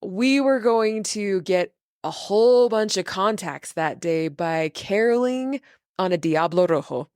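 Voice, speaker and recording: A woman in her thirties hosting a podcast, telling a story in a relaxed, animated way and laughing often. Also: medium pitch, unhurried, clear, resonant tone, no room sound, clean studio sound. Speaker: podcast host. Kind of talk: casual storytelling chat.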